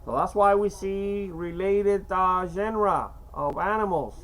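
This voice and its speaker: A man in his fifties from Cuba with a slight Cuban Spanish accent, talking in a rambling, halting way with many fillers and restarts. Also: high-pitched, a bit bright, poor audio. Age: 50s. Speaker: vlogger. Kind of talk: rambling casual monologue.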